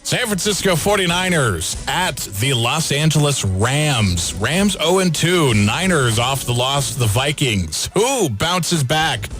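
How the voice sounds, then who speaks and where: A man hosting a casual sports radio show, briskly running through game picks and questioning his co-hosts. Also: fairly high pitch, very animated, a bit bright, faint music behind. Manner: brisk, moves the segment along with quick questions.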